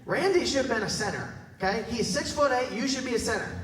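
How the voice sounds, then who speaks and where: High-voiced pastor in a roomy hall. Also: male voice, quick pace. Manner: animated, jokey, talks to the crowd with tag questions. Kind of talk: sermon with storytelling. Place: large church hall. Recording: roomy echo from a distance.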